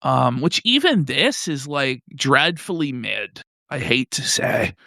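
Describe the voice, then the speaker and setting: A young man co-hosting a crude comedy stream, mocking and loud, slipping into joke voices. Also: mid-range voice, sing-song, slow, gravelly, dry recording, clean studio sound. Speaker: podcast co-host.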